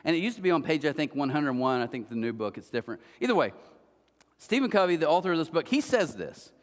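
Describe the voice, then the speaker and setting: A man's voice: on the high side, very animated, fast talker. A middle-aged man, a pastor, giving a chatty sermon full of stories and self-mocking humor, talking straight to his listeners. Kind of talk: conversational sermon. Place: church auditorium. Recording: long church-hall reverb.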